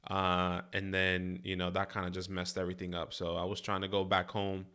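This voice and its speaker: A man's voice: deep voice, completely flat delivery, fairly quick, sharp tone, smooth. Laid-back young man with a New York accent. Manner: laid-back, chuckling, talks through picks. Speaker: fantasy football podcast co-host. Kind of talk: casual live mock-draft chat.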